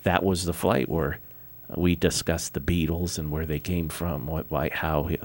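A middle-aged man hosting a podcast, telling animated anecdotes in casual chat and often laughing. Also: very deep voice, normal speed. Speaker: podcast host.

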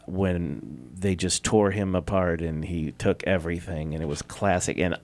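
A middle-aged man hosting a podcast, telling animated anecdotes in casual chat and often laughing. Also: low voice, unhurried, vocal fry. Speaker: podcast host.

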